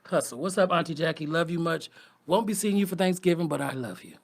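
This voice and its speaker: A young man co-hosting a comedy podcast, telling stories in a lively way and laughing often. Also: a little high, quick pace, gravelly, slight background noise. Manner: animated storyteller, laughs often. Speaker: podcast co-host. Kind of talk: casual comedic chat.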